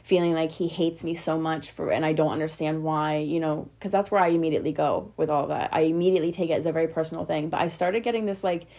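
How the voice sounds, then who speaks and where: A young woman speaks straight to her viewers in a personal, emotional vlog. Her voice sits a little low, and she rambles in loose, heartfelt sentences full of likes and okays. She sounds close to tears as she talks. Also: steady tone, quick pace, hardly any pauses, warm tone. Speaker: vlogger.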